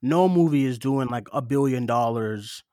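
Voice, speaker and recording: A man's voice: mid-range voice, mellow, dry recording, studio quality. Ranting man podcast co-host. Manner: ranting, rapid, emphatic with swearing. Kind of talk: heated casual podcast chat. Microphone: studio mic, remote co-host.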